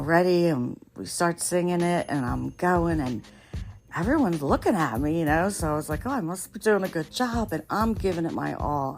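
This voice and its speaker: A woman hosting a podcast, telling embarrassing stories in a casual monologue, often laughing, her voice jumping high when she gets excited. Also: gravelly. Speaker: podcast host.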